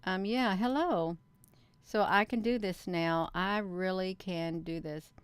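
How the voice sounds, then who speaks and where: A woman runs a casual livestream at a slow pace, her medium-pitched voice sounding clean. She's chatty with her audience, often saying "you all," and frequently talks to herself as she works.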